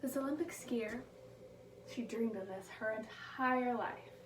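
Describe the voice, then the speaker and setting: A woman delivering a prepared motivational speech, slowing down to stress her key phrases. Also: a little high, far from the mic. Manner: emphatic, slows down on key phrases. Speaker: speaker giving a motivational speech. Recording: echoey room taken from afar, background noise.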